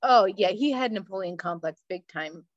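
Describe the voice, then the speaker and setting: A woman's voice: medium pitch, animated, normal speed, dry recording, lo-fi sound. Swearing woman telling a bad-day story. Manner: profane, storytelling, laughs often. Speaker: podcast co-host. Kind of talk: casual chat.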